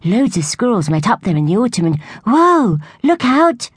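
A woman's voice: fairly low pitch, lively intonation, fast talker, slightly rough, no room sound, clean studio sound. A woman voicing an eager, kind young female squirrel. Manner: bright and eager.

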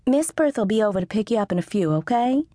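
A woman's voice: fairly high pitch, lively intonation, quick pace, warm tone, dry recording, studio quality, lightly acted. A woman voicing a bossy middle-aged mother who nags her daughter in an accusing tone. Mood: nagging.

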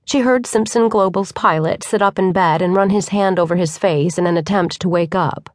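A woman's voice: fairly low pitch, normal speed, few pauses, darkish tone, no room sound. Woman narrating a romance audiobook, dry and close. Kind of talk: scripted narration.

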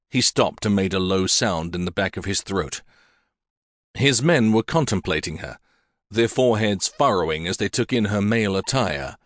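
The narration of this historical romance audiobook comes from a man with a deep voice. He reads the script in a steady, measured way, captured as clean studio sound without echo.

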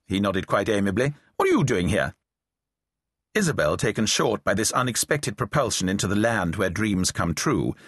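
A middle-aged audiobook narrator reads a novel aloud in a lowish, slightly bright voice with a breathy edge. He keeps the storytelling dry and wry and voices characters lightly. The recording is dry, from a close studio mic in a dry booth.

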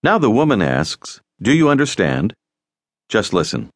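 A man narrates an audio language lesson, giving calm, scripted instructions for learners to listen and repeat. His voice is a little low but lively in pitch. The recording is dry and close, from a studio. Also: a little slow, dry recording. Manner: calm, directive teaching prompts.

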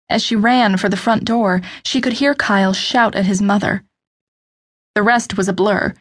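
A woman narrating an unabridged novel audiobook in a steady, measured storytelling voice. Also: medium pitch. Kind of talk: scripted narration.

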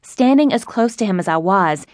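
A woman's voice: mid-range voice, lively intonation, normal speed, no echo, studio quality. A woman narrating a first-person mystery audiobook in a wry, sassy storytelling manner.

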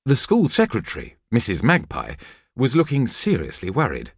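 A man narrating a children's audiobook with lively, expressive storytelling. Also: mid-range voice, normal speed, husky, no room sound, studio quality.

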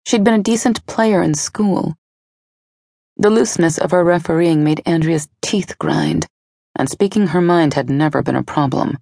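A woman narrating an audiobook in a steady, even storytelling delivery on a close studio mic. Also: deep voice, normal speed, gravelly, no room sound.

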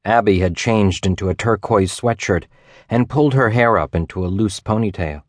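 A man narrating a suspense novel as an audiobook, in a measured, even reading. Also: on the low side, no echo, studio quality. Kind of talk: scripted narration.

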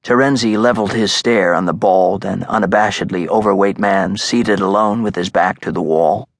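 A man reading a thriller audiobook in a measured, suspenseful narration. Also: sits low, creaky, dry recording. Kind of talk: scripted narration. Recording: dry, close studio sound.

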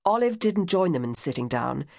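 Lebhafte Hörbuch-Erzählerin, tiefe Stimme. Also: female voice, deep voice, big pitch swings, moderate pace, creaky, darkish tone, no echo, clean studio sound. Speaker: audiobook narrator. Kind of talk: scripted narration.

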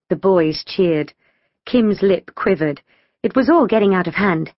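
A woman narrating a children's audiobook in the first person, telling it with lively storytelling and voicing schoolgirl dialogue. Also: lowish voice, moderate pace, no room sound, highs cut off.

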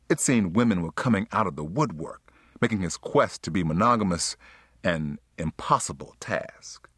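Narrating an audiobook from a script, this man tells the story smoothly and expressively in a low voice. The sound is dry and clean, as from a studio.

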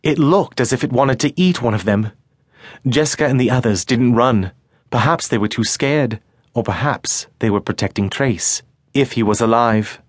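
A man narrating a children's audiobook in a measured storytelling manner. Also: medium pitch, no echo. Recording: dry studio recording.

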